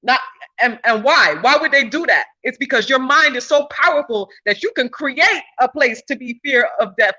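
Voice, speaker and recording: A woman in casual spiritual storytelling, animated and slangy, swearing freely. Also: sits high, normal speed, dull audio.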